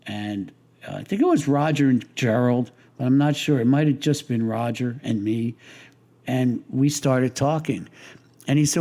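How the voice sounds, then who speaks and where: A man's voice: medium pitch, moderate pace, warm tone. Older man telling rambling stories. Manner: rambling, self-interrupting, amused. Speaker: interview guest. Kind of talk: casual storytelling interview.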